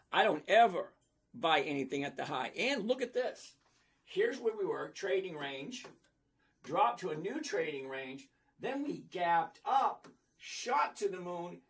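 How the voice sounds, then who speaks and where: Husky-voiced trading streamer, mid-range pitch, casual and blunt, playful, repeats points for emphasis. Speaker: stock trading livestream host. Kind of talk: casual livestream chat reading viewer comments.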